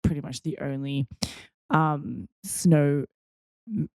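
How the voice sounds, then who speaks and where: A young Australian woman hosts a podcast, chattily telling funny stories full of fillers and self-mocking asides. Her low, mellow voice takes things slowly, and the recording is studio quality with no echo.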